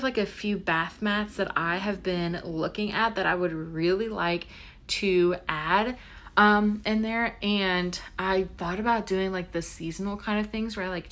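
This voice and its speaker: Bright-voiced chatty young woman vlogger. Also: on the low side. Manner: chatty, many filler likes and ums. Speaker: lifestyle vlogger. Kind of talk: casual chat to camera. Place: bedroom at home.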